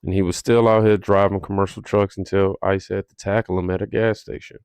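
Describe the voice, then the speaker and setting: A man's voice: low voice, flat delivery, brisk, a little mellow, clear, resonant tone, no room sound. A man hosting a reaction commentary, with sarcastic remarks between clips. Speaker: commentary host.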